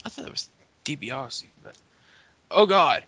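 Wry man with a gravelly voice. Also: on the high side, very animated, a little slow, bright, forceful tone, dry recording. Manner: wry, recapping. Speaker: podcast co-host. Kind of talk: casual wrestling podcast recap.

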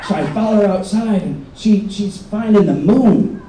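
A man's voice: sits high, normal speed, a crowd in the background. A man from Michigan performing a stand-up comedy set, telling stories and acting out the people in them. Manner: animated storytelling, acts out voices. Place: resort comedy stage. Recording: roomy live stage audio, heard from a distance. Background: audience laughter.

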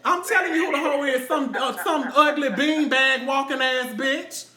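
A woman hosting a live show, loudly trash-talking and laughing as she roasts people. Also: high voice, normal speed. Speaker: host. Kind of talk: loud raunchy live-stream chat. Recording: echoey room.

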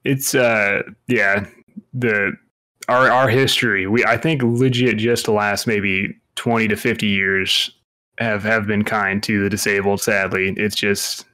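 A man's voice: fairly low pitch, steady tone, unhurried, sharp tone. An American man co-hosting a podcast, talking in a laid-back way and calling people "dude" and "bro". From United States. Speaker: podcast co-host. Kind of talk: casual chat.

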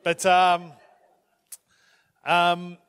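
A man pastor speaking to a church, halting and full of restarts, with self-deprecating humour. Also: high voice, monotone, fairly bright tone, clean tone. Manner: halting, with many fillers and restarts. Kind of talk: church talk.

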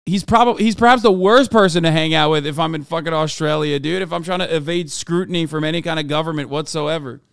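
A man's voice: fairly high pitch, fairly even intonation, quick pace, vocal fry, few pauses, clean tone, no room sound, clean studio sound. A man streaming, giving loose, profane political commentary and reading chat aloud. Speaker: streamer reacting to news.

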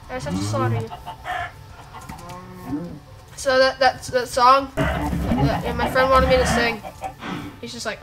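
A young woman casually commenting on her gameplay, excitable and prone to bursts of squealing shouts. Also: on the high side, unhurried, long pauses, poor audio. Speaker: gaming channel host.

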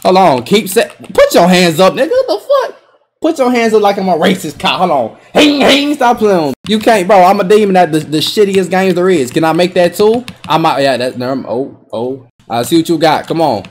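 A young man giving excitable, trash-talking commentary while playing a basketball video game, swinging between low mutters and sudden yelps. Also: brisk, few pauses, slight background noise. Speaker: gaming YouTuber. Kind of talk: live gameplay commentary.

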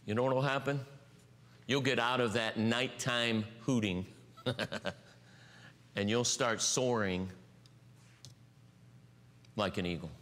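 A man preaching a sermon in a church, telling a story and dropping low and quiet at the ends of phrases before rising again. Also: steady tone, slow pace, pauses often. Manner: storytelling, swings from hushed lows to raised highs. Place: church sanctuary. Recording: long hall reverb.

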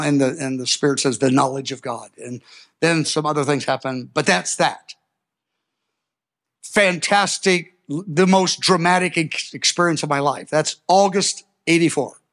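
An older man preaching a sermon, telling personal stories in an animated way, with sudden loud peaks. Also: a little high.

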